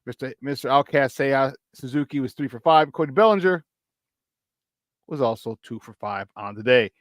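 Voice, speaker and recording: A man's voice: mid-range voice, normal speed, dry recording. Male morning sports-talk host, mid-range voice, chatty and upbeat, dry close sound. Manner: upbeat, chatty, repeats words, laughs often.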